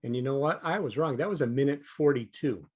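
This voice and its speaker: A man's voice: mid-range voice, animated, fairly quick, a little mellow, breathy edge. A man leading an online training session in a casual, conversational way with frequent fillers.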